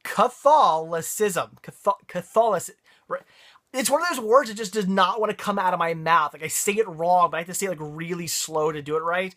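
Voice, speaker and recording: Young male vlogger, bright and eager, rambling unboxing chat full of restarts. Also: high voice, fast, few pauses. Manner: excited, rambling, frequent laughs and restarts.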